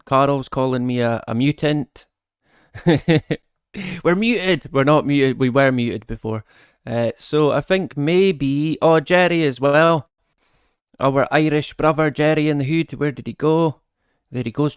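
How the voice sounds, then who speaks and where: A man's voice: medium pitch, clear, resonant tone, no echo, clean studio sound. A man hosting a live stream, chatting casually, greeting viewers by name and laughing often.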